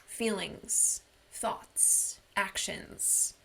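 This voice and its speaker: A woman's voice: mid-range voice, very slow, creaky, bright, forceful tone. A woman wellness coach giving an online workshop in an earnest, personal storytelling manner.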